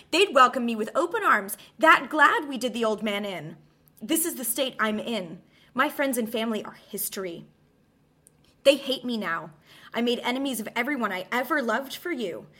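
A woman's voice: on the high side, pitched above the performer's own voice. A woman reading a dramatic monologue as a betrayed, furious queen of Greek tragedy, declaiming with bitter passion.

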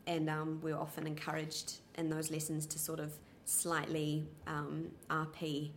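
A young woman with a soft, well-spoken New Zealand accent, answering interview questions casually with many ums and restarts. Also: low-pitched, monotone, unhurried, a little hiss or hum.

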